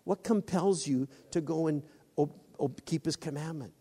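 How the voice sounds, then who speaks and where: A man preaching a sermon, halting often with restarts and acting out quoted voices. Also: a little high, warm tone, slightly rough. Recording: long hall reverb.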